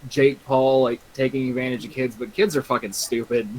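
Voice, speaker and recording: A man's voice: mid-range voice, fairly even intonation, a little fast, darkish tone, a little hiss or hum, low-quality recording. A young man on an online voice call, telling rambling stories with constant swearing and frequent laughter. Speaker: streamer's guest on voice chat. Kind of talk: casual chat.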